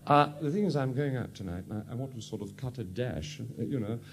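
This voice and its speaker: A man's voice: medium pitch, animated, fairly quick, gravelly, slight background noise, pitched below the performer's own voice. A man putting on a pompous, drawling upper-class English accent as a vain young shopper in a stand-up act. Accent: posh English.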